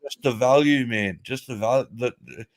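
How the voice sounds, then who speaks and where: Swearing bloke telling a story. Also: male voice, medium pitch, moderate pace, a crowd in the background. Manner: crude, swears a lot, laughs while telling. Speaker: podcast host telling a story. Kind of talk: casual storytelling chat.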